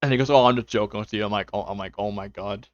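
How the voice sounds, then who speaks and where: A man's voice: fairly low pitch, very fast, no room sound. A young man streaming from home, rambling casually to his viewers with lots of fillers. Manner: rambling, with many fillers and quoted self-talk. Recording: dull lo-fi mic, faint music.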